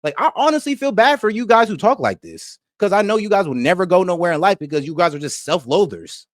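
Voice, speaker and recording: A high-voiced man with a pitch that leaps all over the place, talking back at a video in brash, mocking bursts. He swears freely and laughs at his own jabs. The sound is dry and close. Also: very animated, fast talker, dry recording. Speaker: reaction streamer. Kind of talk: casual reaction commentary.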